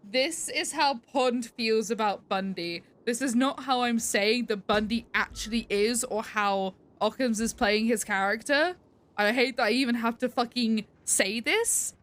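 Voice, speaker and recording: A woman livestreamer talks casually to her viewers in a bright, forward voice that sits a little high. She is emphatic, swears freely and laughs often. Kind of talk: casual chat to stream viewers.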